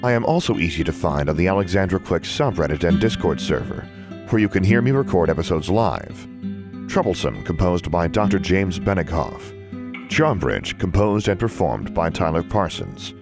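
A man narrating a story podcast with a steady, measured reading. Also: sits low, over music. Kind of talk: audiobook narration.

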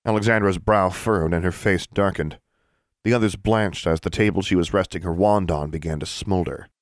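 A man narrating a fantasy audiobook in an expressive storytelling manner. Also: low voice, normal speed, no room sound, studio quality. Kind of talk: scripted narration.

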